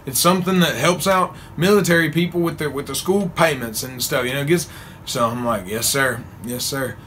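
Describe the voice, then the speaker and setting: In a casual vlog, a young man with a mid-range voice tells a funny true story at a moderate pace, with a little hiss or hum in the recording. He's animated, laughs often, and acts out the lines he quotes.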